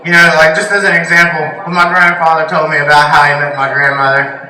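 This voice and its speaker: Young comic, high-pitched, loose and rambling, echoey bar, mic far off. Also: male voice, little pitch movement, quick pace, few pauses. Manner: loose, rambling, laughing delivery with sudden shouts. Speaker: stand-up comedian. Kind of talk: stand-up comedy set. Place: small bar stage. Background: bar crowd noise.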